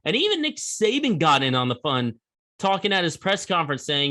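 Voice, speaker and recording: A man with a bright, forceful voice, a little higher than most men's, talking through the week in sports on his own podcast. He speaks in a loose, conversational way and jumps up into emphatic bursts when he makes a point. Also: expressive, fairly quick. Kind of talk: solo sports commentary.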